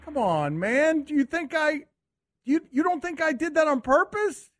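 A man hosting a sports radio show, excitable and mocking, often laughing as he talks. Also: very high voice, moderate pace, slight background noise.

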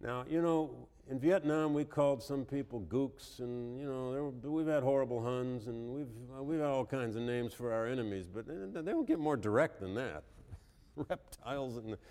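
History lecturer with a cold, wry and conversational, medium voice, echoing hall. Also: male voice, medium pitch, moderate pace, few pauses, a little mellow. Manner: wry, conversational, reads quotes with emphasis. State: has a cold. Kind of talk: university lecture.

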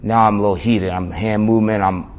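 A man's voice: on the low side, fairly even intonation, a little fast. A man telling a story in an interview in a casual way, full of slang, swearing and "man". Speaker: interview guest.

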